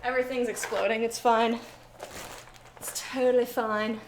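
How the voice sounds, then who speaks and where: A woman's voice: on the high side, little pitch movement, moderate pace, a little hiss or hum. A young woman streaming a game, chatting casually with viewers in a playful, bubbly way that slips into singsong. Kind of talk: casual live-stream chat.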